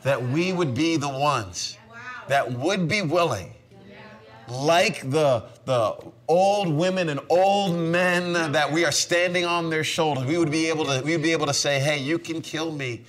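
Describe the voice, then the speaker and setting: A man preaching a sermon with passion, his voice rising to shouts at its peaks. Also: a little high, measured pace. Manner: impassioned, building to shouts. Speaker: pastor. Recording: crowd audible behind.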